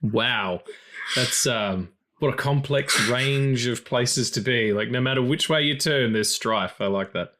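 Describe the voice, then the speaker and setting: A man co-hosts a film podcast in a loose, chatty way, swearing freely and using many fillers. His mid-range voice is bright and forceful, and he speaks a little slowly.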